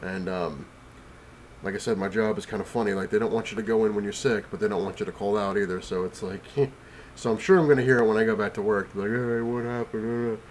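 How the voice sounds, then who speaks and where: On his home couch, a comic collector vlogger talks fast in a lowish voice, a bit of hiss or hum audible. He's sick and out of breath, rambling casually with frequent fillers and restarts.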